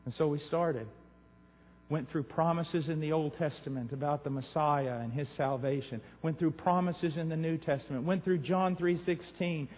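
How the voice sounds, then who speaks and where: A man preaching a sermon and telling stories, impassioned, moving between hushed and loud passages. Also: on the high side, moderate pace. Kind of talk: sermon storytelling. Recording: tinny, echoey hall recording.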